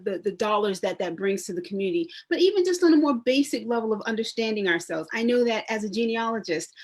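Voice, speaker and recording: A woman, a public historian and genealogist speaking on a community panel, talking conversationally with frequent restarts and lively storytelling. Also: medium pitch. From New York. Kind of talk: panel discussion.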